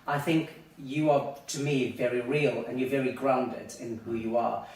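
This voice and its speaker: A man's voice: medium pitch, little pitch movement, normal speed, a little mellow. A man, a hairdresser hosting a salon chat, talking casually and leaning on "you know" as he thinks aloud. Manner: conversational, many "you know" fillers. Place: hair salon. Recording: echoey room from far off.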